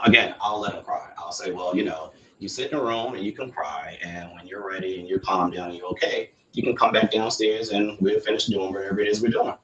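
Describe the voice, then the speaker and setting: Low-voiced guy on a podcast, calm and thoughtful, echoey room with a little hiss. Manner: calm, reflective, explains at length. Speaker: podcast guest. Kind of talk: casual podcast conversation. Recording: roomy with faint background noise.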